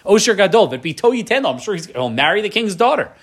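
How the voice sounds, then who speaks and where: Male Bible teacher, slightly high voice, animated lecturing, keeps checking in with the class. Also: quick pace, breathy edge. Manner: animated, mixes Hebrew verse readings with English explanation; frequent tag question "right?". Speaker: Torah teacher.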